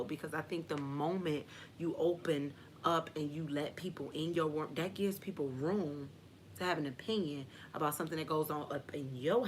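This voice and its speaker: Slight background noise accompanies a low-voiced young adult woman as she hosts a live Q&A. She keeps it chatty and unfiltered, peppering her talk with slang and "like."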